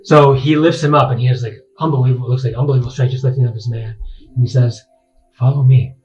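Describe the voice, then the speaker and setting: A man running a tabletop fantasy game, narrating in a halting, searching way. His voice is medium in pitch and sounds slightly dull and lo-fi. Soft music plays quietly behind him. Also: steady tone. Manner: halting, full of fillers and restarts. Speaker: dungeon master.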